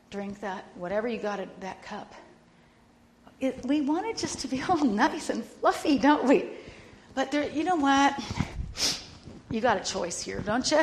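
An older woman co-hosting a Christian talk show, telling stories in a loud, animated way and laughing often. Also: mid-range voice, background noise. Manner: loud and bossy by her own account. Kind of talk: casual faith-based chat.

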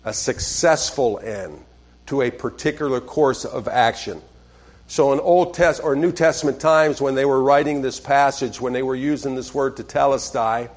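With a medium-pitched voice, a pastor talks through his sermon conversationally. He goes quiet for scripture passages and often pauses to ask "okay?".

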